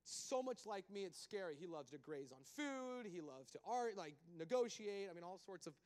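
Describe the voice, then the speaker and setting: A man preaching a sermon as a pastor, in an animated, conversational storytelling manner with asides, in a large church hall. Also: high voice, normal speed. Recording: long hall reverb.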